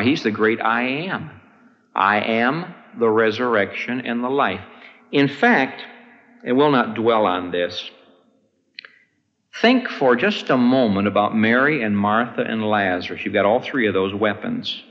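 A man preaching a sermon. He swings from ringing high peaks down to hushed low endings. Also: in a large hall, muffled recording. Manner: dramatic rises and hushed drops in delivery.

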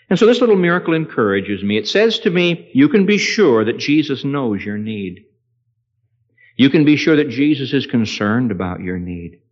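A man preaching a sermon with strong emphasis, his voice swelling loud and high on key words and then dropping low, telling a story with acted dialogue. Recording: echoey hall, dull lo-fi sound.

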